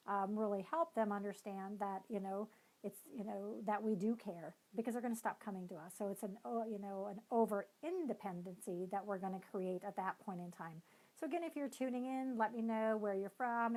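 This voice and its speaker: A woman coaching team leaders on a live stream. She talks in a loose, conversational way and explains as she goes, leaning on hedging fillers. Her voice sits at an ordinary middle pitch. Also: darkish tone, low-quality recording. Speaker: neuropsychologist and team-building coach. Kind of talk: live-streamed motivational talk.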